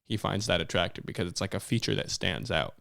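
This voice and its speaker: A man's voice: sits low, lively intonation, fast talker, vocal fry, a bit bright, no room sound, clean studio sound. A man hosting a podcast, chatting with blunt, teasing banter. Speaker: podcast host. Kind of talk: casual chat.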